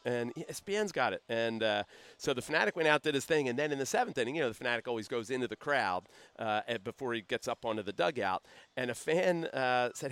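A man's voice: mid-range voice, lively intonation, quick pace, a bit bright, smooth, dry recording. Pria bersuara jernih, rekaman kering. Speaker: podcast host. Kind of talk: casual chat. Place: stadium broadcast booth.

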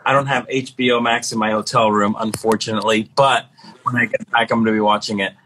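A man's voice: fairly low pitch, level tone, quick pace, pushed and bright, a little hiss or hum. A man joining a podcast as a guest from a hotel room, sassy and playful, talking into a muffled headphone mic. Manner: sassy, playful, laughs often. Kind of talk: casual podcast chat.

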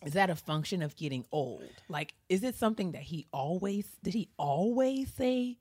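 A young woman co-hosting a podcast in casual chat, animated and laughing as she acts out her relatives. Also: on the low side, moderate pace, slightly rough, no room sound, studio quality. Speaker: podcast co-host.

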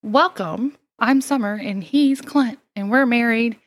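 A woman's voice: fairly high pitch, a little slow, no room sound. A woman from Mississippi with a Southern accent, co-hosting a casual chat podcast and telling stories in a self-deprecating, chatty way. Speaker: podcast co-host and storyteller.

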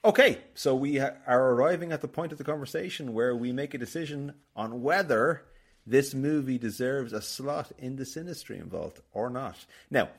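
A man's voice: mid-range voice, normal speed, soft background music. An Irish man hosting a casual film podcast, rambling and telling stories with lots of restarts. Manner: chatty, rambling, storytelling with many restarts. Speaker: podcast host.

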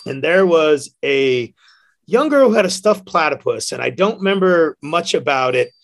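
A man, a bartender guest, telling stories casually, animated and laughing often. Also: fairly high pitch, moderate pace. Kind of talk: casual storytelling.

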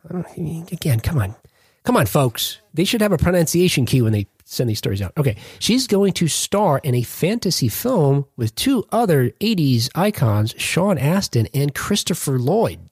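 A male podcast host with a husky, breathy edge to his voice and a pitch that swings up and down as he talks. He rambles through his points and stops often to correct himself, trading jokes in easy casual chat. The sound is dry and close, with no room around it. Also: very animated, normal speed, a little mellow, dry recording. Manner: rambling, self-correcting, jokey.

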